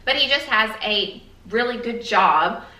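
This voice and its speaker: A woman's voice: on the high side, lively intonation, unhurried, sharp tone, distant mic. Earnest woman vlogging in an echoey room. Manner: earnest, rambling with fillers. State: a little emotional. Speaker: beauty vlogger. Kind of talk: casual chat to camera.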